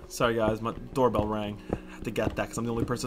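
A young man doing casual Minecraft let's play commentary, excitable and swearing often, with sudden loud outbursts. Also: on the low side, fast. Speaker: gaming YouTuber.

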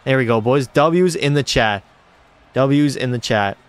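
A man's voice: medium pitch, a little slow, clear, resonant tone. A young man streaming a hockey video game, doing hyped play-by-play and answering chat with jokes. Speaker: gaming streamer. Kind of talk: live gameplay commentary with chat.

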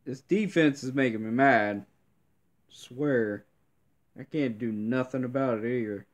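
A man's voice: medium pitch, a little slow. A man giving live gameplay commentary, grumbling and complaining in frustration with mild cursing throughout.

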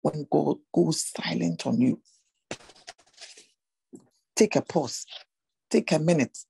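A woman's voice: low-pitched, takes it slowly, gravelly, dark tone, husky, low-quality recording. A woman giving an earnest personal testimony sermon to other women, pressing her listeners with repeated rhetorical questions. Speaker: women's ministry speaker.

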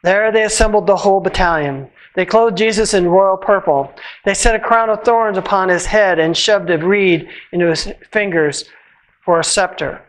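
A church reader giving a measured, solemn reading of scripture at a worship service, slowing at the ends of phrases. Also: mid-range voice, poor audio.

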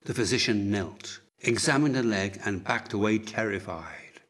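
A man narrating an audiobook in a measured, unhurried reading style. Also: on the low side, fairly bright tone, husky. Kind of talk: scripted narration.

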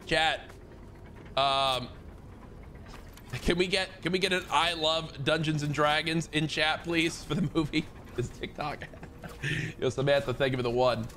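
A young man streaming a game, talking fast and excitably while joking with a friend. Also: a little high, slight background noise. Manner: excitable, rapid-fire, joking. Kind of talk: casual gaming chat.

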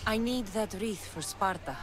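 A woman's voice: medium pitch, lively intonation, normal speed, noisy background, natural voice. An actress playing a determined female Spartan warrior who speaks in a dry, blunt, matter-of-fact way in a video game.

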